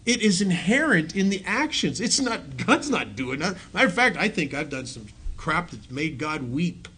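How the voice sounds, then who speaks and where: A man's voice: a little high, very animated, moderate pace, bright, forceful tone, slightly rough. Joking man giving a recovery talk. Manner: joking, self-mocking storyteller. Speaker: recovery meeting speaker. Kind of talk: personal recovery talk to an audience. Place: meeting hall with a live audience.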